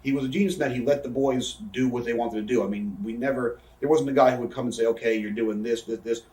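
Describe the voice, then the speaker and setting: A man in a candid interview, telling backstage stories in a rapid, profane way and acting out what others said. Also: medium pitch, steady tone, darkish tone. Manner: rapid, profane, acts out quoted voices. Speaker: interview guest, former wrestler. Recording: echoey room, somewhat far from mic.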